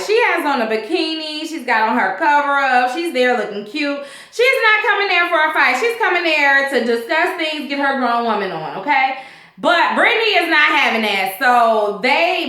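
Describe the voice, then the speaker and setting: A woman's voice: sits high, bright, forceful tone, echoey room. A woman vlogger giving a casual, sassy and candid recap of a reality show episode, talking straight to her viewers.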